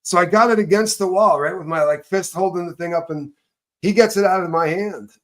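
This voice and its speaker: A man, host of an online call, telling a story in rambling casual chat that swings between loud bursts and low mutters. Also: fairly quick. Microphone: video call.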